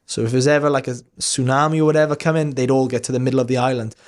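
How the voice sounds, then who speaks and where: A man in his thirties talks as a podcast guest. He tells a story casually and candidly. His speech rambles, with plenty of fillers and offhand swearing, and his voice sits at an ordinary middle pitch for a man. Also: steady tone, very fast. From Wales.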